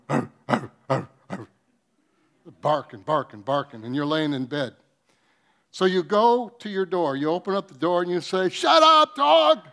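A pastor with a voice on the high side preaches a sermon, telling comic stories with acted-out quotes. He swings between loud bursts and soft, earnest passages.

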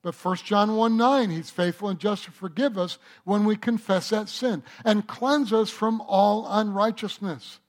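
A man's voice: high-pitched, unhurried, few pauses. A man preaching a sermon as pastor, talking conversationally and working a joke into his message.

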